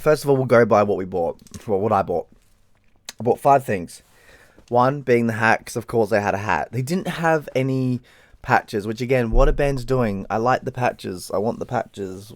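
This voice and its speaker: A tired Australian man telling a rambling story in a casual vlog, swearing freely. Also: dry recording. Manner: rambling, swears freely, mimics people in high voices. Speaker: vlogger.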